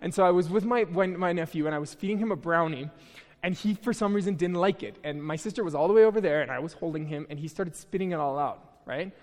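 High-voiced young man preaching in a hall. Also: quick pace, a little mellow. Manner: chatty, self-deprecating, with many restarts. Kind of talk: casual conversational sermon. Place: church hall.

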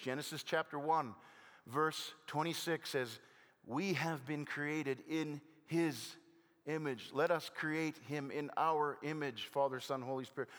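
An older man preaching a sermon as a pastor, conversational with gentle self-deprecating humor and halting restarts. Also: a little high, lively intonation. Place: church sanctuary. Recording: long hall reverb.

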